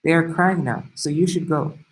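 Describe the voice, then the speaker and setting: Brief: man voicing a mother in a scripture story, kind, firm, reassuring, slightly raised pitch. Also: normal speed, close to an everyday voice, low-quality recording. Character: kind, resolute mother of five sons.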